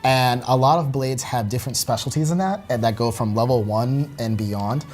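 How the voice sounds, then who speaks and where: A man giving relaxed, halting commentary while demonstrating a video game, with many fillers. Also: mid-range voice. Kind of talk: casual gameplay commentary. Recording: faint game music behind.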